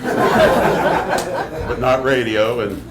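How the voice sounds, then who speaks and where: A man telling a comic story on stage, animated, laughing through it and swearing freely. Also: medium pitch, very slow. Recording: live crowd noise around the voice.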